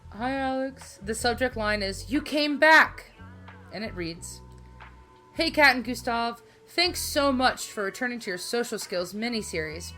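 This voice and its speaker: A woman's voice: a little high, moderate pace, sharp tone, soft background music. A woman co-hosting a casual podcast, chatting in a giggly, playful, self-mocking way. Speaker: podcast co-host.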